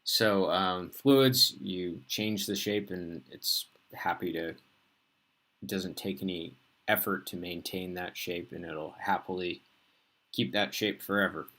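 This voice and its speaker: A man teaching a recorded introductory physics lesson in a casual, relaxed way, often pausing with fillers. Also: low voice.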